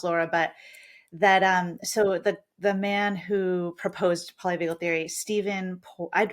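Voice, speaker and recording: A woman hosting a podcast in a somewhat low voice. She talks hesitantly, stops to correct herself and apologizes along the way. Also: fairly bright tone. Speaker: podcast host, yoga teacher. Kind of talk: podcast conversation.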